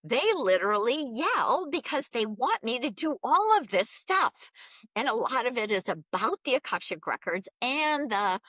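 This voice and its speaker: A woman's voice: on the high side, normal speed, dry recording, clean studio sound. A woman guest talking casually about spiritual teaching, telling stories and laughing often. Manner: laughs often, animated storytelling. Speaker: guest, Akashic Records teacher. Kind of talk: casual spiritual interview talk.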